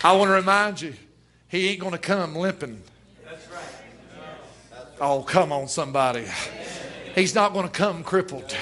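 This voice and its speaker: A man's voice: high voice, lively intonation, very slow, pauses often, bright, forceful tone, a faint crowd. A man preaching a sermon at a church service, folksy and emphatic, in plain everyday speech.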